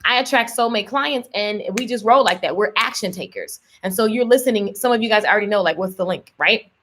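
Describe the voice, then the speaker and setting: On a live stream, a woman business coach speaks energetically and emphatically, repeating key lines and reading viewer comments aloud. Her voice is mid-range and a little fast, and a bit of hiss or hum can be heard.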